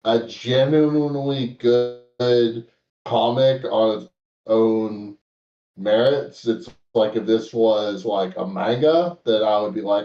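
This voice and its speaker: Low, dark-voiced man on a distant, dull mic. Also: slow pace, echoey room. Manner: thoughtful, hesitant, many fillers. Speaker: guest panelist. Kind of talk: casual chat on a live stream.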